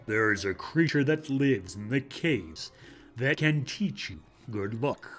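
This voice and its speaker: A man voicing a wise old male magic man who hands out slow, lofty advice in a game. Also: medium pitch, animated, soft background music.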